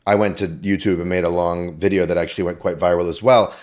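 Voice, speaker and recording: A man's voice: deep voice, fairly even intonation, fast talker, darkish tone. A man co-hosting a podcast, talking in long, discursive arguments with a dry, sarcastic edge. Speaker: podcast co-host.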